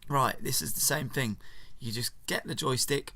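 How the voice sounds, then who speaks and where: A man's voice: medium pitch, gravelly, sharp tone, dry recording. A man voicing a cocky, upbeat starfighter pilot in a storytime retelling. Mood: breezy. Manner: brisk, encouraging.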